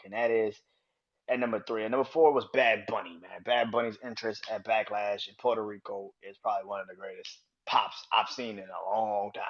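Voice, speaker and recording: A man hosting his own podcast, ranting angrily and swearing, jumping from loud outbursts to low mutters. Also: steady tone, brisk. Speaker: podcast host. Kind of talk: casual solo podcast rant. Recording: dull lo-fi sound.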